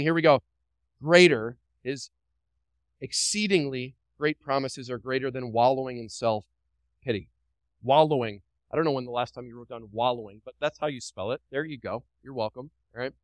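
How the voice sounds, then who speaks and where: A man's voice: mid-range voice, normal speed, dry recording, rough recording. A pastor delivering a sermon to his congregation. He preaches emphatically, repeats phrases, asks the room questions and drops light joking asides.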